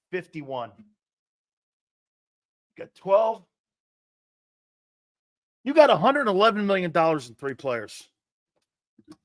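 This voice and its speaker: A man with a high, piercing voice hosts a sports talk stream. He rants in a combative, sarcastic way, swears bluntly and hammers his points home by repeating them. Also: fairly bright tone, no echo, studio quality. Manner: combative, sarcastic, reads and answers chat comments. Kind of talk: livestream sports rant.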